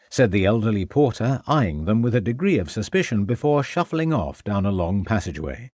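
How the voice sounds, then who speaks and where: Male audiobook narrator, low expressive voice, dead-dry studio sound. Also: fairly quick, few pauses, no echo. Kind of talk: scripted narration.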